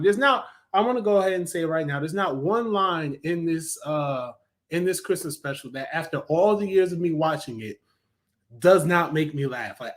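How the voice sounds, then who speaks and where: A young adult man giving a casual, enthusiastic spoken review of a cartoon, chatty, with frequent fillers and self-corrections. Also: fairly high pitch.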